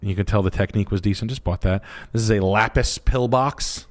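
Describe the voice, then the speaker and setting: A man's voice: lowish voice, fairly quick. Brash, profane man hosting a stream. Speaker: realtor and livestream host. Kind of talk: crude casual stream chat.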